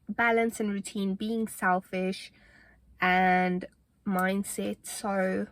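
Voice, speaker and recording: A young woman talking to camera in a casual fitness vlog, earnest and motivational, chatty with fillers, a little out of breath. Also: mid-range voice. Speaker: fitness vlogger.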